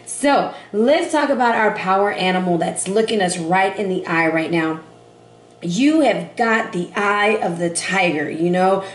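Chatty woman tarot reader, echoey room. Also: medium pitch. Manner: chatty and emphatic, addressing viewers directly. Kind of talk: casual tarot reading monologue.

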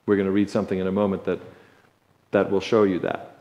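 A male preacher giving a sermon in a conversational, joking way, slow and deliberate, in a church. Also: deep voice, level tone, a little mellow, muffled recording. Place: church sanctuary. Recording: echoey church sanctuary.

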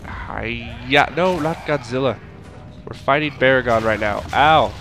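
A young man doing casual let's play commentary, tired and yawning, reacting loudly with grunts and battle cries as he fights. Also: mid-range voice, normal speed, soft background music. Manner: excitable, shouts attack noises and groans at the game. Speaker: gaming YouTuber.

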